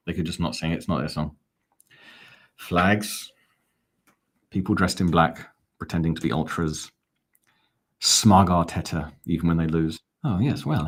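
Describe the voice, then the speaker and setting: A man hosting a live fan watch-along, talking in a chatty, rambling, self-mocking way. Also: low-pitched. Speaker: fan channel host.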